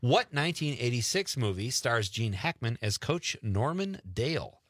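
A man hosts a radio show with a very lively, bouncing voice. He jokes and teases in loose banter. The sound is dry and close on the mic. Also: mid-range voice, moderate pace, no echo. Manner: joking, teasing, lively.

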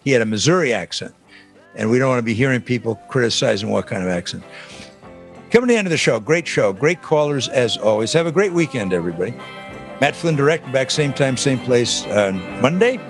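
A man's voice: medium pitch, lively intonation, fairly quick, faint music behind. A man hosting a talk radio show, chatting casually and animatedly, often stumbling and repeating words as he talks.

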